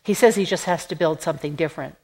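A woman's voice: sits low, quick pace, a little mellow, slightly rough. A woman voicing a poised, gracious woman chatting at a party in an audiobook.

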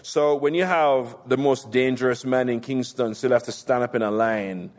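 A man's voice: mid-range voice, steady tone, normal speed, a little mellow. Chatty man in a reverberant hall. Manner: loose and chatty, with fillers. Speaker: reader presenting a novel. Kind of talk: casual reading talk.

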